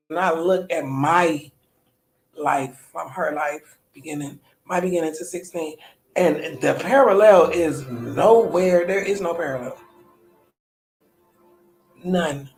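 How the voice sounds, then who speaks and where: An American woman in her thirties hosts a podcast, giving a candid, colloquial personal monologue in a deep, darkish voice. She often trails off and restarts, and the recording is low quality and reverberant.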